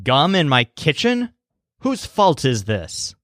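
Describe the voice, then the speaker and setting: A man's voice: a little high, huge pitch swings, takes it slowly, fairly bright tone, no echo, studio quality, heavily acted. A man voicing a short-tempered man who fusses over his kitchen and talks bluntly, with exclamations. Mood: angry.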